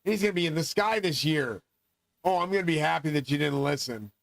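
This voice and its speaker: Middle-aged male host, grandiose profane rambler; slightly high voice, dry close mic. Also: brisk, creaky, no room sound, rough recording. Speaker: channel host. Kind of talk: rambling monologue.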